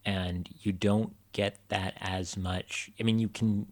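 A man's voice: lowish voice, flat delivery, slow. A man co-hosting a podcast, chatting casually in a wry, opinionated way. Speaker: podcast co-host. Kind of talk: casual discussion.

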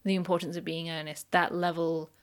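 A woman's voice: on the low side, level tone, brisk, clean tone. A woman co-hosting a podcast, chatting casually and enthusiastically. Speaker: podcast co-host. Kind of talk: casual discussion.

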